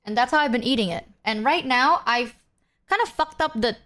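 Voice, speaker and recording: A woman's voice: on the high side, expressive, fairly quick, fairly bright tone. A young woman streamer chatting casually with her viewers, swearing freely and sometimes talking while she eats. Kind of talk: casual live-stream chat.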